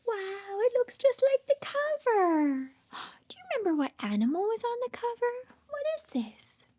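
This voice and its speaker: A woman reads a bedtime picture book to little ones in a very high, bright-toned voice that swoops up and down with lively inflection. She speaks slowly and gently, often dropping into a soft whisper. She keeps pausing to coax the child with questions. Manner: coaxing, asks the child many questions. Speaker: speech therapist reading aloud. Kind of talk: bedtime story read-aloud for young children.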